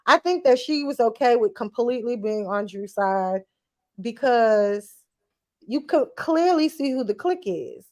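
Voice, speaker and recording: Animated, blunt slangy woman. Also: on the high side, measured pace. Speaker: podcast co-host. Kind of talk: casual reality-TV recap chat.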